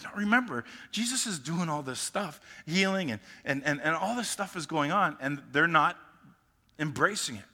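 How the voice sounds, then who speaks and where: A man's voice: a little high, lively intonation, normal speed, pushed and bright, in a large hall. A male pastor preaching a sermon emphatically, often restarting his sentences mid-thought.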